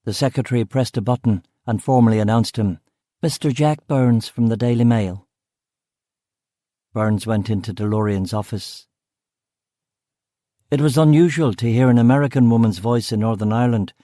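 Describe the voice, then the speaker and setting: A man narrating a crime novel in the first person, steady and measured. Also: mid-range voice, no echo, clean studio sound. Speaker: audiobook narrator.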